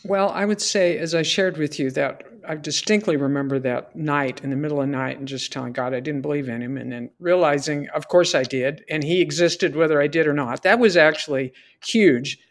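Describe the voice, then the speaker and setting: A woman's voice: low-pitched, a little fast, hardly any pauses. A middle-aged woman, a podcast guest, giving an earnest faith testimony and acting out her prayers as she tells it. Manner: earnest storyteller who acts out her prayers and dialogue.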